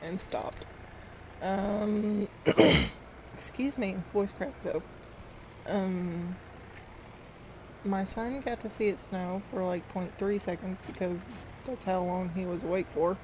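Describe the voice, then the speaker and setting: A woman's voice: mid-range voice, fairly even intonation, unhurried, background noise. A woman streaming a farming game, chatting casually and rambling to her viewers. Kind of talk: casual live-stream chat while playing.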